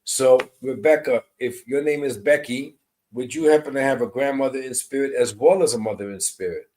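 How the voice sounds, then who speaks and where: A man working as a medium on a live stream, greeting viewers by name and describing spirit messages in a soft, reassuring way. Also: medium pitch, brisk, rough recording.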